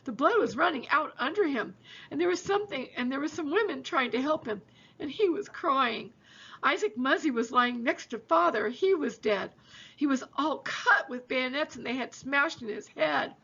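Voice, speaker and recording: A woman's voice: high voice, lively intonation, normal speed, pushed and bright, muffled recording, exaggerated voice. Woman reading as a frightened young boy, tearful and pleading. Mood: shaken grief.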